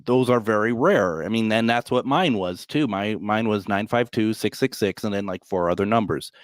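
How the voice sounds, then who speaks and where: A male radio host with a lowish voice chats casually with callers from a hotel room. He rambles and jokes, stacking up fillers and restarts. The sound is close and dry. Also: moderate pace, dry recording. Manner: rambling, filler-heavy, joking. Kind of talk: casual call-in radio chat.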